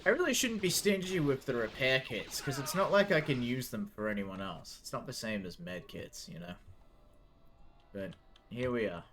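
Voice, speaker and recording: Lively male game streamer. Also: mid-range voice, normal speed. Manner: animated, swearing, talks to the game. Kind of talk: casual gameplay commentary.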